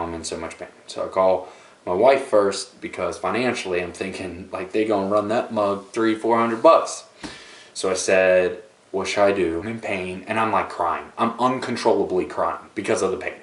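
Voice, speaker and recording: Young male vlogger, lower voice, dramatic storyteller, recorded off-mic in an echoey room. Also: recorded from a distance. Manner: animated, dramatic retelling with playful asides. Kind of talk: casual storytelling to camera.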